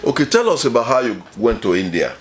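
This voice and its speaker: A man's voice: medium pitch, big pitch swings, quick pace, slight background noise. A man with a Nigerian accent hosting an interview, prompting and probing his guest. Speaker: host. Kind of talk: interview questions.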